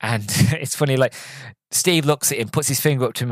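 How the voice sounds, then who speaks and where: A man chats through a film review on his podcast, wandering from scene to scene with frequent fillers and false starts. His voice sits at a middling pitch. The recording is close and dry, with no room sound. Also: quick pace, no room sound. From Britain. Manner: rambling, with many fillers and restarts, retelling scenes in quoted voices. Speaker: podcast host.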